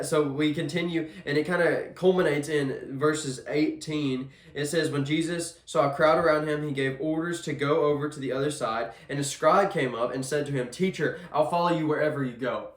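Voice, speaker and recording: A man giving a casual devotional sermon in a chapel, earnest and conversational, often restarting his sentences. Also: fairly high pitch. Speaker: devotional speaker. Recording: echoey room.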